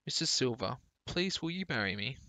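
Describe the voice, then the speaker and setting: A man reading a storybook aloud, voicing a shy, nervous older gentleman who talks in a timid, fretful way. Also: mid-range voice, very animated, normal speed, no room sound.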